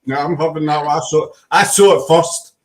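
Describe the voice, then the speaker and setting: A man's voice: on the high side, fairly even intonation, moderate pace, slight background noise. Chatty man hosting a live show. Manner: chatty, teasing, reads viewer comments aloud. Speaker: host. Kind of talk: casual livestream chat.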